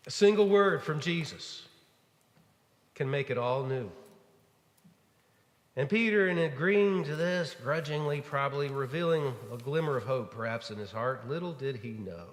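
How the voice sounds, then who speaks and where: A pastor preaching a sermon in a church, telling stories in a relaxed, conversational way with frequent fillers. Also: male voice, fairly high pitch, measured pace. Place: church sanctuary. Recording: echoey church hall.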